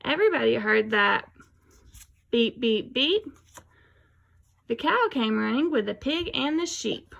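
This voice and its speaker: A woman's voice: on the high side, animated, normal speed, creaky, hardly any pauses, a bit bright, highs cut off. A woman reading a rhyming picture book aloud in a rhythmic, sing-song way, then explaining how to use it in a lesson. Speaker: teacher educator.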